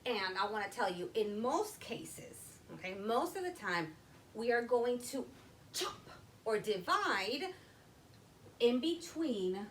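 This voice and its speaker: Expressive woman teaching young children. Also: mid-range voice, slight background noise, poor audio. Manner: slow, step-by-step, addressing children. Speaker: literacy teacher. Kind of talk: classroom phonics lesson.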